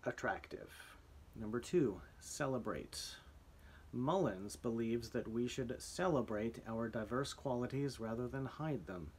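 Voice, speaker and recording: A man teaching a spelling lesson to his students, explaining slowly with frequent ums and restarts. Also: medium pitch, expressive, a little mellow, a little hiss or hum.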